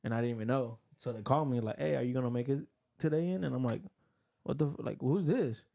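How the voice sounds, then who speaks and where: A man hosts a podcast and rattles off stories at a quick clip. He slips into the voices of the people he quotes as he goes. His voice sits in an ordinary mid range. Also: mid-range voice, vocal fry, mellow. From Cuban and Puerto Rican family. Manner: rapid storytelling, acts out quoted dialogue. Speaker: podcast host. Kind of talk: casual chat.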